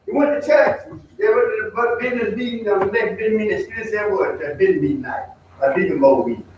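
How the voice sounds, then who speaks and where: A man's voice: sits high, expressive, quick pace, background noise. A man leading a Bible study, telling stories in a folksy way and talking straight to the group. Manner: folksy, talks to the group directly, mimics hollering. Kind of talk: storytelling bible study talk. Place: church. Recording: echoey, distant, dull room recording.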